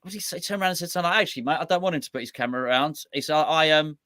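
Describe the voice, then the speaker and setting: A bright, quick-talking man tells stories in a casual chat, acting out what other people said. His voice sits a little high and sounds close and dry. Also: no echo. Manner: animated storytelling, quotes others. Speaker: fan channel host.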